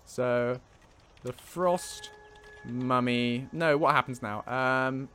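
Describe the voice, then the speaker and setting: A man's voice: medium pitch, extremely slow, fairly bright tone, slight background noise. A man casually narrating and thinking aloud while playing a game, with fillers and self-corrections.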